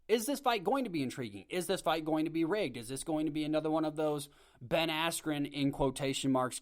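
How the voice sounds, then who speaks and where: Opinionated man ranting on his podcast. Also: on the high side. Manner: ranting, opinionated, rambling with restarts. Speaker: podcast host. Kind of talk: casual opinion monologue. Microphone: home podcast mic.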